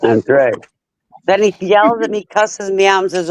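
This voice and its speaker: A woman's voice: mid-range voice, expressive, normal speed, poor audio. An older woman co-hosting a live panel in casual chat, bossy and blunt, swearing casually.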